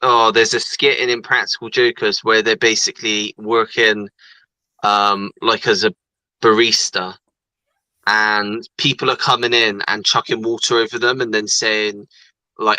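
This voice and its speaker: A man co-hosting a livestream, telling stories in an animated way and reading out viewer comments in casual chat. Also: on the low side, measured pace, dry recording, rough recording. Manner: animated storytelling with laughs. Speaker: livestream co-host.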